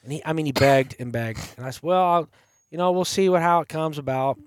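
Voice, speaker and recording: Man, podcast host, casual storytelling, animated, quotes people in their voices, slightly high voice, dry sound. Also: a little fast, clean tone, no echo. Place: campside.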